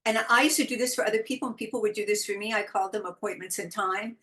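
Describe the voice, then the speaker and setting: A woman talking as a guest in a relaxed interview, expressive and quick to laugh. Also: mid-range voice. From California. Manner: expressive, animated, laughs often. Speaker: podcast guest, intuitive guide. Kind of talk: casual interview chat.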